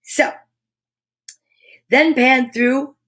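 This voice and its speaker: A woman's voice: high voice, steady tone, drawn-out words, a bit bright. Upbeat woman reading a storybook. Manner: enthusiastic, chatty asides between read passages. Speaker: children's story time host. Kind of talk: reading a picture book aloud to kids.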